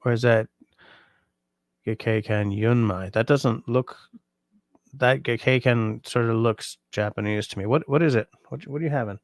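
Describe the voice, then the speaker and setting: A sleepy, yawning man hosting a livestream, chatting casually and reading out viewer comments in a relaxed, rambling way. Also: medium pitch, moderate pace, dry recording, clean studio sound. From Canada. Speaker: livestream host.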